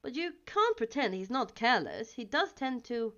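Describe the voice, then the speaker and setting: A woman's voice: on the high side, very animated, moderate pace, a bit bright, pitched above the performer's own voice. A woman reading aloud and voicing a stern, worried older female professor in a clipped, anxious way, on a dull lo-fi recording with faint music. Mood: doubtful.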